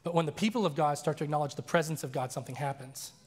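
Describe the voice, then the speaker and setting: A man preaching a sermon as a story, animated and acting out the voices he quotes. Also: a little high, rapid-fire, breathy edge. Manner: animated, acts out quoted voices, laughs often. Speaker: pastor. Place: church sanctuary. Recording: long reverb of a large church hall.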